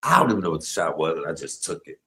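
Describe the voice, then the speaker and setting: A man's voice: very deep voice, sing-song, racing, sharp tone, rough recording. A middle-aged man, telling stories on a home cooking livestream, chatty and laughing. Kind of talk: casual storytelling while cooking.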